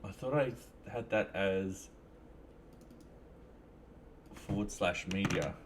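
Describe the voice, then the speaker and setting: A man's voice: low-pitched, takes it slowly, slight background noise. A man live-streaming his coding, chatting casually and thinking aloud with lots of fillers. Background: faint music and keyboard typing.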